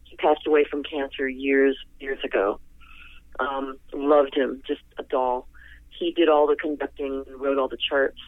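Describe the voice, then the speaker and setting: A man guest talking on the phone, telling a long story in a rambling, animated way. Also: measured pace, dry recording. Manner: animated, rambling, jumps to high pitch in quoted reactions. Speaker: interview guest, singer. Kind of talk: casual storytelling. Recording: tinny phone line.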